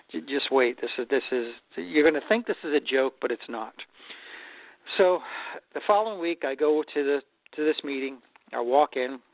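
Gravelly man on a tinny line. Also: medium pitch, no room sound. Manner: relaxed, folksy, repeats words while thinking. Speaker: host of a stone and tile advice show. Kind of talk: casual storytelling to listeners. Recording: dry tinny phone-line sound.

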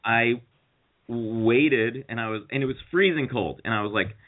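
A man spins a long, rambling story for a chat show, cursing freely and acting out what other people said. His pitch sits right in the middle. The sound is thin and tinny, like it came over a phone line. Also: moderate pace. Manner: rambling, profane anecdotes with acted-out quotes. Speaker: podcast co-host.

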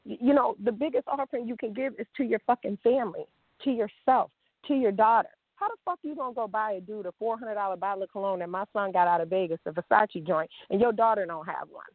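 A woman's voice: mid-range voice, quick pace, no room sound. Blunt, profane woman on a tinny line. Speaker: vlogger. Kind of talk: unscripted rant to camera. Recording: dry, tinny phone-like sound.

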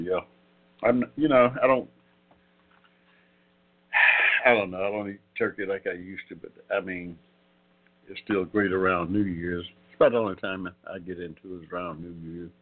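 An older man, hosting a casual internet radio talk show in a rambling, folksy way. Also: sits low. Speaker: host. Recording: phone-like call-in line.

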